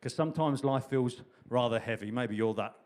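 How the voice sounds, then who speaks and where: A man's voice: medium pitch, moderate pace, darkish tone. A man preaching a sermon in a chatty, humorous way, repeating key phrases for emphasis. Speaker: pastor.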